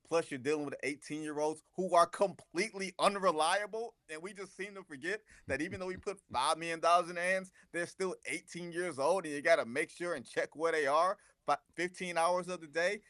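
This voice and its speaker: A man talking as a guest basketball reporter on a sports radio show, animated and sarcastic, with strong emphasis. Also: fairly high pitch, brisk, hardly any pauses, dry recording, clean studio sound.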